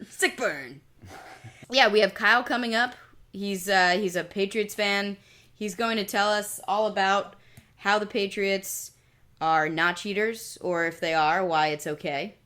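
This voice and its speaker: A young adult woman co-hosting a podcast in casual chat, with a dry, deadpan, sarcastic delivery. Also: medium pitch, a little slow. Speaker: podcast co-host.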